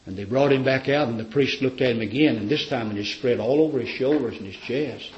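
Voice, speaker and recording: A man's voice: mid-range voice, a little fast. Male preacher, fervent storyteller; roomy, lo-fi sermon recording. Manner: fervent storytelling, rhetorical questions.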